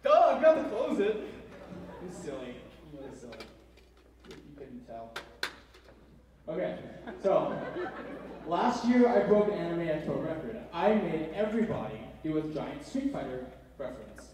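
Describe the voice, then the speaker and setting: A man performing a live comedy magic act on a convention stage, goofy and hyper with sudden bursts of yelling. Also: a little high, very animated, measured pace, pauses often. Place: large convention hall stage. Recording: echoey hall from far off. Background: loud laughing, cheering crowd.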